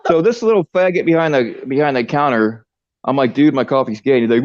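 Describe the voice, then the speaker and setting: A man's voice: mid-range voice, lively intonation, brisk, dry recording. A man telling a crude comic story in a profane, rambling rant on a stream. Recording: dull lo-fi stream audio.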